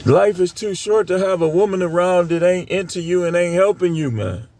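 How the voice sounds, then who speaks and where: A middle-aged man delivers a blunt, scolding rant to camera. His voice sits high for a man and has a rough, gravelly edge. He lectures his listeners in a preachy, no-nonsense way. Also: moderate pace, mellow. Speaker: dating commentator. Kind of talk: ranting commentary to camera.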